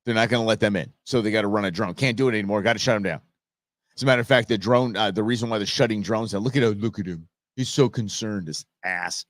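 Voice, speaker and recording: A man's voice: lowish voice, fast, dry recording, studio quality. A man hosting a live political commentary show, fired up and sarcastic, often restarting and repeating himself. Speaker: show host.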